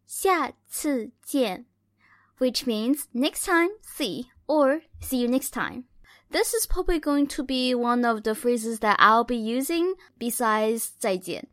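A woman hosting a podcast language lesson, playful and correcting herself with little jokes, slowing down to model words carefully. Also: fairly high pitch, animated, a bit bright, dry recording, clean studio sound. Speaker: Mandarin teacher and podcast host.

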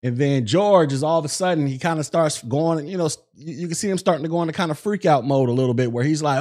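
A man's voice: on the high side, brisk, few pauses, a little mellow. A man hosting a podcast, recounting events in casual commentary with lots of fillers. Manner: conversational, recounts events with many fillers and acted-out quotes. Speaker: podcast host.

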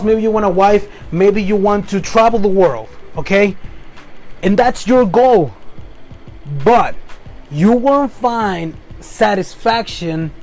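A man's voice: sits high, darkish tone. A man with a Spanish accent, a native Spanish speaker, giving an earnest motivational monologue as a podcast host, often rephrasing himself and checking in with "okay?".

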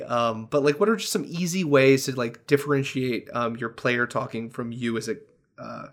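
A man, a dungeon master, talking casually on a podcast over a video call, animated, with many restarts and frequent laughs. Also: mid-range voice.

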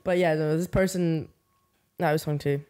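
A young woman, a podcast guest chatting casually and telling animated, sarcastic stories. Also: sits low, a little fast, over a noisy crowd. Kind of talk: casual chat.

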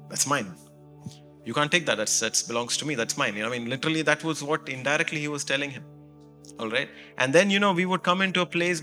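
Bright-voiced animated male pastor preaching. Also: mid-range voice. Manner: animated storytelling, frequent "you know" fillers. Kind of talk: sermon.

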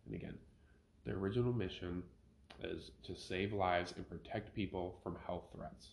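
Male podcast host, deep voice, opinionated reader, echoey home room. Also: steady tone, normal speed, gravelly. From Minnesota. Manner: opinionated, ranting, self-correcting. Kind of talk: casual podcast commentary, reading an article aloud. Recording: roomy home podcast recording.

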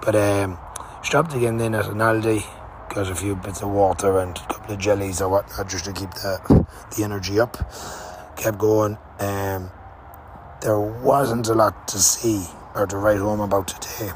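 A man's voice: lowish voice, fairly even intonation, normal speed, slight background noise. A young man hosting a podcast, telling a rambling, casual travel story with fillers and the odd swear word. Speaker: podcast host. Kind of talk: casual spoken travel diary.

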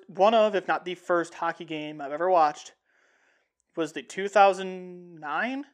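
A young man hosting a sports show, talking casually and excitedly in a rambling way with many restarts. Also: sits high. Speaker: sports podcast host. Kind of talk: casual sports talk monologue.

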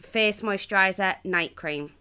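A woman's voice: mid-range voice, measured pace, sharp tone. A woman co-hosting a podcast, chatting casually and explaining things with restarts. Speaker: podcast co-host. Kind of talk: casual chat.

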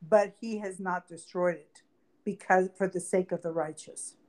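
Female podcast co-host, lower pitch, reads scripture and unpacks it conversationally. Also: steady tone, a little slow, a little mellow. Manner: reads scripture aloud then explains it conversationally. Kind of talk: Bible study talk.

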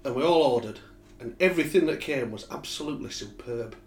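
A man's voice: mid-range voice, animated, fairly quick, a little hiss or hum. A man tells stories in a casual chat. He swears freely and laughs often. His voice sits mid-range and sounds echoey, as if recorded in a bare room.

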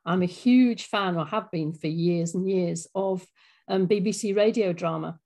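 An English woman in her fifties talks as an interview guest, her voice carrying a gravelly edge. She speaks at a thoughtful, unhurried pace with a self-deprecating humour. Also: lowish voice, darkish tone. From England. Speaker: audio drama writer, guest. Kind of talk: casual interview chat.

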